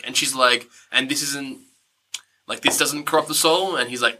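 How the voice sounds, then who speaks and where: A man recapping a film in animated casual chat, laughing often and acting out the characters' lines. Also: mid-range voice, normal speed, a little hiss or hum. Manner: animated, laughing, swearing, acts out voices. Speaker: podcast co-host.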